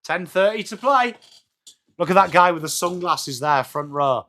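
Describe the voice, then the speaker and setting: English guy doing a live footy watchalong stream, highish bright voice, calls the play then chats w viewers. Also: moderate pace. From England. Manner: switches between play-by-play calls and chatty replies to viewers. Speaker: livestream host. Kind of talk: live watch-along commentary.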